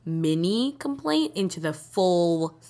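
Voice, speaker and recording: A woman's voice: lowish voice, big pitch swings, slow, mellow. A young woman hosting her own podcast, telling rambling stories in casual chat and laughing often. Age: young adult. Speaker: podcast host. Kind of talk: casual solo podcast storytelling.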